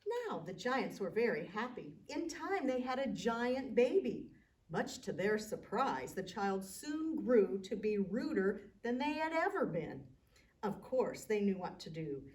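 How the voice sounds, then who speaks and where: A woman librarian reading a picture book aloud to children, adding gentle, chatty asides. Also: mid-range voice, big pitch swings, unhurried, distant mic.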